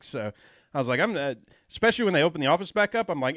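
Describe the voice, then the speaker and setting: A man's voice: fairly high pitch, expressive, fast, a bit bright, no room sound. A man hosting a podcast, telling stories in a laid-back way with lots of fillers. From Atlanta area, US. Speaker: podcast host. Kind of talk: casual podcast chat. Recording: dry close mic.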